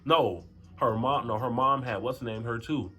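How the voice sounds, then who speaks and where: A young man tells a story in a casual storytime vlog, animated and slangy. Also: moderate pace, slightly rough, soft background music. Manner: animated, swings to high voices for quotes. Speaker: storyteller vlogger.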